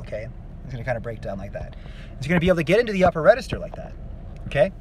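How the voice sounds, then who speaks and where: A man giving a casual singing lesson, explaining vocal technique in a relaxed, rambling way with many fillers. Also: fairly high pitch, very fast, very noisy. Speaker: vocal coach.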